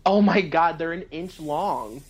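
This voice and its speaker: A woman's voice: sits low, animated, unhurried, a little mellow, slightly rough, poor audio. A young woman co-hosting a podcast, talking animatedly about a TV show and laughing readily. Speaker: podcast co-host. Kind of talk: casual chat recapping a TV show.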